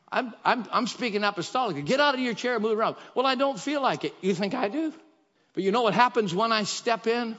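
A man's voice: high-pitched, fairly bright tone. Guy preaching a sermon, fired up and repeating himself, kinda muffled lo-fi church recording. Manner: emphatic, exhorting, repetitive. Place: church sanctuary. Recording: dull echoey church hall.

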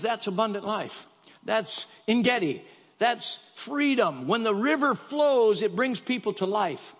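A man's voice: high-pitched, a bit bright. A man preaching a sermon in a church sanctuary, talking in an emphatic, repetitive, exhorting way. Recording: dull echoey church hall.

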